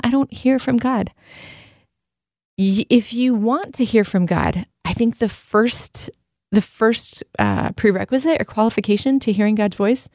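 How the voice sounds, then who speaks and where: A woman's voice: mid-range voice, a little mellow, no room sound, clean studio sound. A woman co-hosting a faith podcast, teaching in an upbeat, emphatic way and telling stories as she goes. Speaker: podcast co-host.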